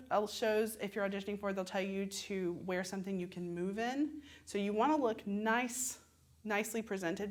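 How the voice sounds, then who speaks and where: A woman with a Southern American accent teaching musical theatre audition tips in a chatty, conversational way, often laughing and acting out examples. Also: mid-range voice.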